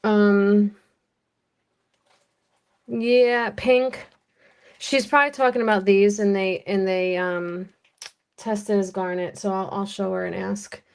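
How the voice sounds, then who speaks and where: A woman with an American accent running a live-stream jewelry auction, chatty and unhurried as she calls bids and describes each piece. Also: medium pitch, steady tone, clear, resonant tone.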